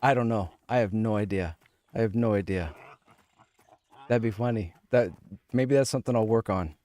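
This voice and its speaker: A man's voice: on the low side, normal speed, warm tone, no echo. A man streaming a game, chatting casually in a rambling, self-mocking way with a sore throat. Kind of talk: casual livestream chat.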